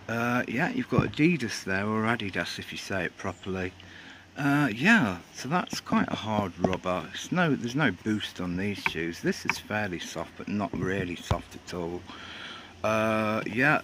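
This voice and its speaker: A man's voice: lowish voice, a bit bright, a little hiss or hum, low-quality recording. A man from England rambling through a casual outdoor shoe review, joking and swearing under his breath as he films on a cold day. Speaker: sneaker reviewer.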